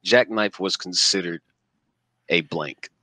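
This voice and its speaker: A man hosting a casual podcast interview, his low voice bright and forceful. He asks his questions in a laid-back way. The sound is dry and close, with no room around it. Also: slow, no room sound. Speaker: podcast host.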